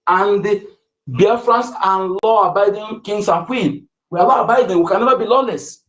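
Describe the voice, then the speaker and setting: Give me a man with a high voice, speaking to a room online. Make it heated and insistent, stumble into restarts and fillers, and repeat the key points. The sound should be roomy and echoing. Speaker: participant in an online audio space. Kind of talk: impassioned speech to an online audience.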